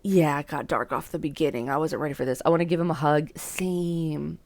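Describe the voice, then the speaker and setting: Gravelly-voiced woman doing let's-play commentary. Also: low-pitched, fairly even intonation, fairly quick, darkish tone, no echo. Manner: reactive and joking, swears and laughs often. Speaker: gamer playing a dating sim. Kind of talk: let's-play commentary and reading game text aloud.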